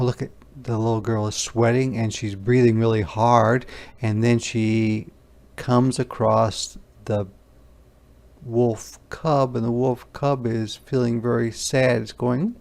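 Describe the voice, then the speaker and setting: Slow, gravelly-voiced man reading to children. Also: medium pitch, little pitch movement. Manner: slow, gentle, asks the listener questions, voices animal sounds. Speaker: teacher. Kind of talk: interactive picture-book read-aloud for young children.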